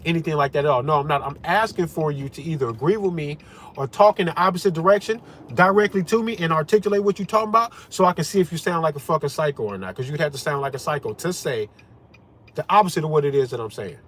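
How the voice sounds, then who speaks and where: A man's voice: fairly high pitch, expressive, fast talker, a bit bright. A man delivering a heated, confrontational political rant to camera, swearing heavily as the host of his own channel. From United States.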